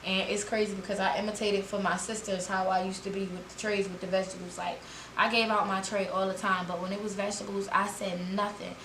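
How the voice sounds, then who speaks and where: A woman's voice: medium pitch, flat delivery, a little fast, fairly bright tone. A young woman telling a storytime vlog, dramatic and profane, speaking straight to her viewers. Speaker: vlogger. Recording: roomy echo, faint ambient noise.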